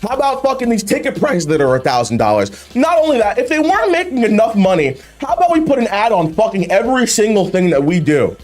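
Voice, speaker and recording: A man's voice: sits high, very animated, quick pace, hardly any pauses, darkish tone. A man hosting a video, ranting about wrestling in an exasperated, profane way with heavy swearing. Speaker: YouTube host reacting to wrestling memes. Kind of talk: ranting commentary.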